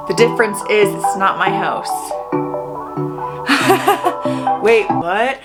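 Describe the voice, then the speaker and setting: A woman in her twenties chatting casually as she reacts to clips, animated and laughing often. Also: medium pitch, a little slow, over loud music.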